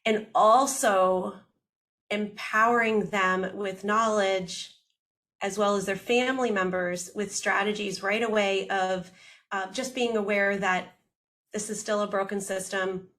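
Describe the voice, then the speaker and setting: A woman audiologist talking in a casual interview, lively and quick, acting out what her patients say. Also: mid-range voice. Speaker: audiologist guest.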